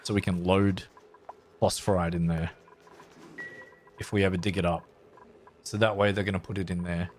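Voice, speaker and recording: A man's voice: low-pitched, little pitch movement, normal speed, pauses often, a little hiss or hum. A man casually live-streaming a game, thinking aloud as he builds and chatting playfully with his viewers.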